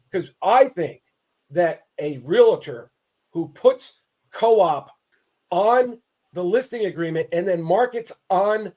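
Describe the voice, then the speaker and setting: In a high-pitched, slightly mellow voice, a man delivers impassioned commentary. He is a real estate attorney from Southern California, emphatic and fired-up, repeatedly restarting his sentences mid-thought.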